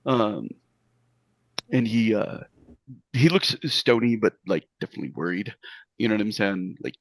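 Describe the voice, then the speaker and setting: A man's voice: lowish voice, expressive, normal speed, a little hiss or hum. A man narrating a tabletop game as game master, in a loose style with many fillers.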